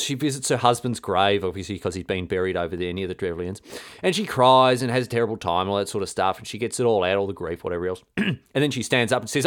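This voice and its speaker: A man's voice: fairly low pitch, animated, fast. A man telling a history story in a casual, irreverent, slangy way, full of fillers. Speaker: history podcast host.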